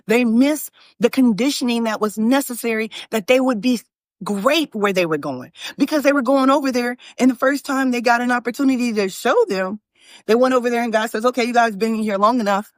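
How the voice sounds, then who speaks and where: A woman with a fairly high voice gives a motivational talk on her own channel, preachy and animated, calling her viewers y'all. She restarts her sentences often. Her voice sounds close and dry, with no room around it. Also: moderate pace, no room sound. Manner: frequent restarts and fillers. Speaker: manifestation coach and channel host.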